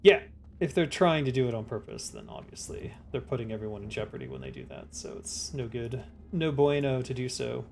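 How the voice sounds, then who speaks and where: A man streaming a game live, chatting casually and answering his chat in a relaxed way. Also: medium pitch, a little fast, vocal fry, a little hiss or hum.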